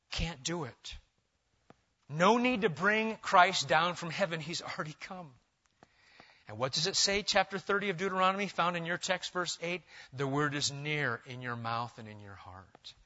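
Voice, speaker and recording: A pastor with a high, bright male voice delivers a sermon, swinging between loud, emphatic passages and quiet asides. The audio is dull and lo-fi.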